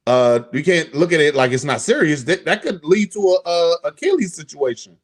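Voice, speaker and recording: A young man co-hosting a casual sports talk stream, animated and profane, acting out quotes as he talks. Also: normal speed. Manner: animated, profane, acts out quotes with big pitch jumps. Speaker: podcast co-host.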